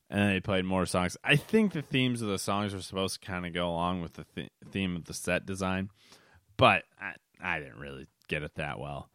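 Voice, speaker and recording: Low-voiced man rambling about a concert. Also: fairly bright tone, dry recording, clean studio sound. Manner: rambling, with many restarts and fillers; records late at night, yawning. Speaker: podcast host. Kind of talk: casual solo podcast monologue.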